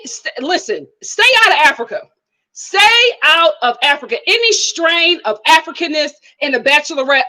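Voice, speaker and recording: A woman hosting her own live-stream reaction show, talking in a blunt, animated, exclaiming way and reading out viewer comments. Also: very high-pitched, rough recording. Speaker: YouTube host.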